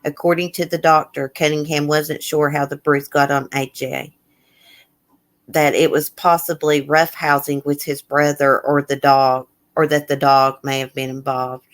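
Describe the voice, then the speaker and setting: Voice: medium pitch, flat delivery, a little slow, a bit bright. Blunt, indignant live-stream host. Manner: chatting with viewers in the chat. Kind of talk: casual live-stream commentary, reading news aloud.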